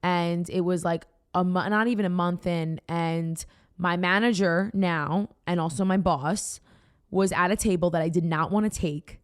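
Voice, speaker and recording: A young woman with a Boston accent hosting a casual chat podcast, telling rambling, excited stories full of fillers. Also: fairly low pitch, moderate pace. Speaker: podcast host.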